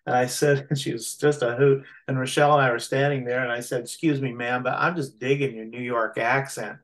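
Easygoing male trip participant on a video call, mid-pitched, rambling and quick to laugh. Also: fairly even intonation, a bit bright. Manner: rambling storyteller, laughs easily. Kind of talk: casual chat.

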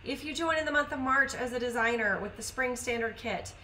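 Woman, live-stream seller, bright tone, chatty, upbeat, faint background noise. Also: a little fast, distant mic, poor audio. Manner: chatty, greets viewers by name, upbeat pitch. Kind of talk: casual live sales chat. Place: home.

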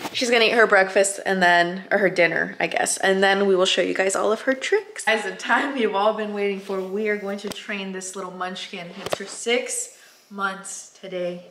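A woman's voice: mid-range voice, fairly bright tone. Woman chatting at home for her vlog, talks sweet to the puppy, echoey kitchen, bit of hiss. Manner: chatty, coos and gives commands to her puppy. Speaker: vlogger. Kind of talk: casual vlog chat.

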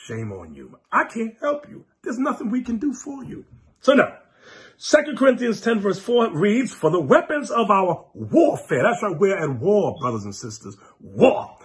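Man, sermon, fiery, mocking, animated, high-pitched. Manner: fiery, mocking, scolding, with sudden shouts. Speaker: preacher and teacher.

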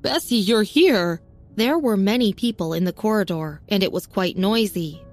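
A woman reading a serialized story as narrator, with a steady, even storytelling manner. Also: medium pitch, normal speed. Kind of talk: scripted audiobook narration. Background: faint music.

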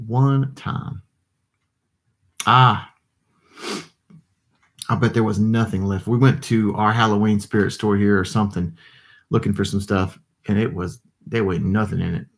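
A man's voice: on the low side, little pitch movement, normal speed, gravelly. A man, chatting casually with his livestream viewers and reading their comments, tired and yawning. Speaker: livestream host. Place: home desk with computers.

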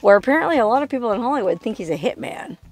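A woman's voice: a little high, animated, very fast, soft background music. A woman hosting a vlog, chatting casually and teasing her friend in a playful way. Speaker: vlog host. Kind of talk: casual chat.

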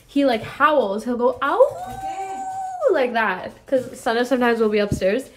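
A young woman vlogging in a casual, bubbly way, chatting excitedly to her viewers. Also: on the high side, moderate pace, background noise. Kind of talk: casual chat. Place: restaurant and car.

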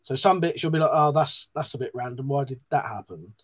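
A man's voice: mid-range voice, fairly quick. A man hosting a live stream, reading viewers' comments aloud in a casual, chatty way, swearing often and laughing at himself.

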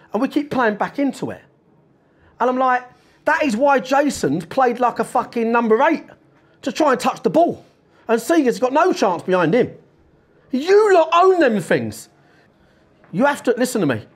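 A man's voice: high-pitched, slightly rough. A man giving a blunt, urgent half-time team talk to his players as football manager, swearing freely.

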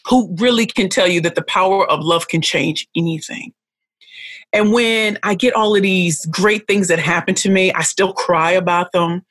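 A woman's voice: fairly low pitch, a bit bright, no room sound. A middle-aged woman, emotional and close to tears, tells her life story as a podcast guest. She leans on repetition and stacked phrases to hammer each point home. The sound is dry and close, with no room around her. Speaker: podcast guest, pitch coach.

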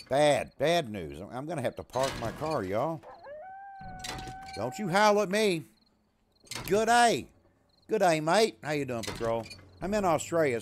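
Male streamer, lively pitch, casual banter with his chat. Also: a little hiss or hum. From USA. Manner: chatty, talks to his chat and his dog, jokey. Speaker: streamer playing a survival game.

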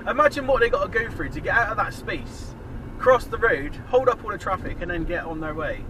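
Exasperated man ranting from the driver's seat, pitched high, set back from the mic. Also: expressive, a little fast. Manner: sarcastic, sweary, exasperated. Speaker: dash cam vlogger. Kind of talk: ranting commentary while driving. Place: inside a car on city roads. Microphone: dash cam mic. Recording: distant voice over loud road noise.

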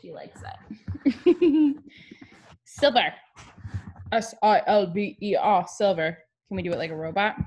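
A woman's voice: deep voice, moderate pace, pauses often. A young woman teaching a video class to young children, cheerful and encouraging, singing along and spelling words.

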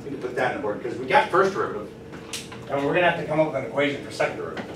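A man teaching a math class, lively and encouraging, often asking the students questions. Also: medium pitch, very fast. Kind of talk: classroom lecture. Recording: roomy classroom from far off, faint noise.

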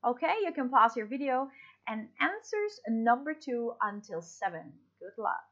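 A woman's voice: a little high, expressive, measured pace, a bit bright, dull audio. A woman teaching English in a recorded online lesson, explaining patiently with fillers and restarts.

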